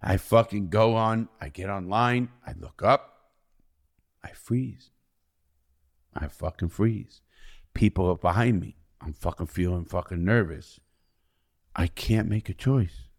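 A middle-aged man from the United States, a podcast guest telling blunt, profane stories that swing between loud outbursts and quiet low asides. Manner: profane, blunt, swears constantly. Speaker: podcast guest, ex-convict speaker. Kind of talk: candid storytelling in conversation.

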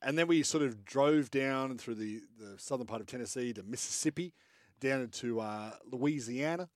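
A man's voice: medium pitch, normal speed, dry recording, clean studio sound. A man, a radio co-host, telling a travel story with lots of "um"s. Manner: storytelling with many fillers. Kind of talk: casual radio chat.

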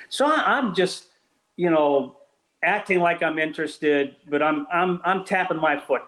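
An older man recalls old times as an interview guest, his voice sitting a little high for a man. He tells his stories with animation, often restarting his sentences as he goes. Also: unhurried, poor audio. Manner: animated storyteller with many restarts. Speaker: former team PR executive, guest. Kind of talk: storytelling anecdotes in an interview.

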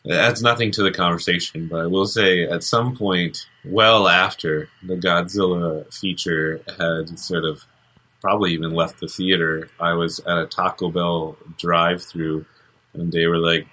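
A male podcast co-host chats casually in a low, steady voice that's unhurried yet bright and forceful. He rambles and jokes, leaning on lots of fillers.

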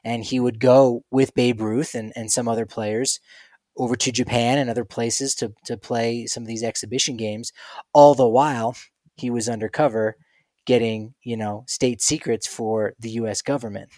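Lively man in casual chat. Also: medium pitch, moderate pace, no room sound. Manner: animated storyteller with playful quoted voices. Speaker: podcast co-host.

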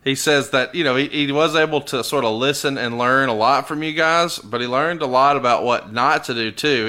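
A podcast host with a medium-pitched, sharp voice reads claims from a book aloud during a casual interview. He questions them with open disbelief.

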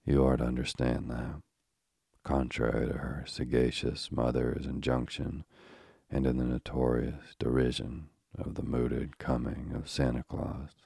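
A man voicing a dramatic little female mouse who tells a tale, in a slow, solemn way. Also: very deep voice, completely flat delivery, gravelly, dark tone, slightly rough, no echo, studio quality, heavily acted.

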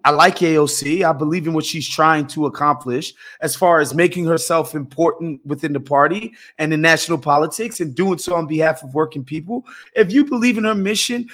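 This is a middle-aged man with a slightly raised pitch, co-hosting a loose political chat. He speaks bluntly and emphatically, with plenty of cursing. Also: fairly bright tone. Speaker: podcast co-host.

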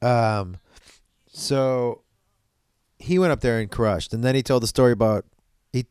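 Brief: male podcast host, loose, salty storyteller, smooth dry-miked voice. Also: fairly low pitch, dry recording. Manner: profane, animated, laughing between stories. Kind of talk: casual storytelling chat.

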